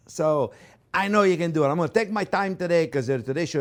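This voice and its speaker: A man's voice: high voice, lively intonation, brisk. A man hosting a cooking show, effusive and crooning over his food in a casual demonstration. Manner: often drops to soft murmurs over the dish.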